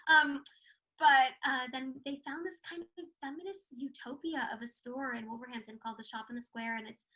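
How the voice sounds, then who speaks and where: A young American woman chatting in an interview, her voice bright and forward, a little higher than most women's. She tells stories in a bubbly, rambling rush, stringing thoughts together with casual fillers. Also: steady tone, rough recording. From United States. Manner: bubbly, fast-rambling storyteller with frequent laughs and filler likes. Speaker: actress, interview guest.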